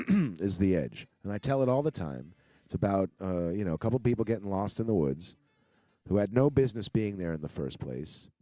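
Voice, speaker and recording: A man's voice: low-pitched, warm tone, no echo, studio quality. A young man hosting a casual online talk show, rambling with many fillers and restarts. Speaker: podcast host. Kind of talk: casual chat.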